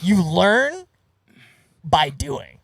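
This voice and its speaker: A man's voice: sits high, big pitch swings, drawn-out words, vocal fry, husky, dry recording, distant mic. Young man rambling, slightly off mic. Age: young adult. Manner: rambling, says "like" often. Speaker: podcast host. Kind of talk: casual chat.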